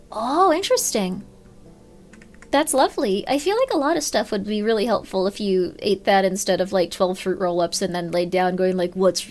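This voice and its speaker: A woman streaming a horror game, chatting casually, reading chat and breaking into sudden yelps. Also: a little high. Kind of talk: casual live game commentary.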